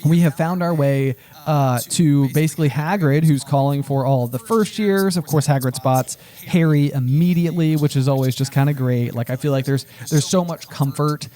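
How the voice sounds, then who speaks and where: A man's voice: on the high side, normal speed, hardly any pauses, mellow. A man co-hosting a book podcast, chatting casually with many fillers and playful quoted voices. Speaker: podcast co-host. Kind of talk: casual book-discussion chat.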